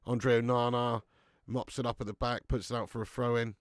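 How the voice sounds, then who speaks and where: A man's voice: mid-range voice, level tone, fairly quick, no echo, studio quality. A young man hosting a live football watch-along, swinging between deflated muttering and swearing rants. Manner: swearing, ranting fan commentary. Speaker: fan watch-along host.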